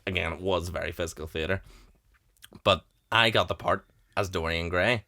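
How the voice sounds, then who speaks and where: A young man in his twenties hosts a relaxed podcast chat. His voice sits low yet sounds bright and forceful. He laughs easily and slips into little impressions of people he's quoting. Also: normal speed, creaky. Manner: chatty, laughs often, acts out quotes. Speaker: podcast host. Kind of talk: casual chat.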